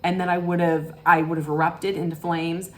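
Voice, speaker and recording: A woman's voice: lowish voice, flat delivery, moderate pace, a bit bright. A woman recapping a reality show in a casual, gossipy way, rambling through the story and acting out what people said. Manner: rambling storytelling, acts out quotes.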